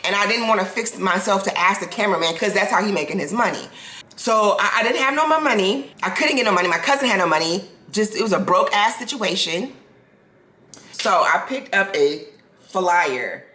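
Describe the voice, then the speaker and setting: Woman, 40s, casual storytelling, lively, restarts sentences, echoey room. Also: mid-range voice, moderate pace. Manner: animated, restarts sentences, acts out quoted people. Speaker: vlogger. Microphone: self-filmed camera.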